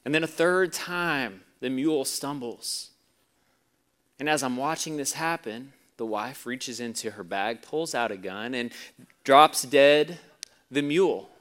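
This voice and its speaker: A man preaching a sermon to a congregation, telling a story with the voices of its people and moving between soft, low passages and loud, emphatic ones. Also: unhurried. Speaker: pastor.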